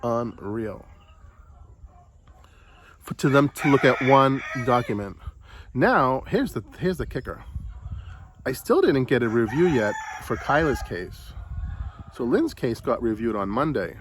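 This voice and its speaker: A man's voice: mid-range voice, lively intonation, measured pace, long pauses, a crowd in the background. A man from the United States venting in a casual vlog, frustrated, swearing and repeating himself. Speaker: vlogger. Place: home in the Philippines.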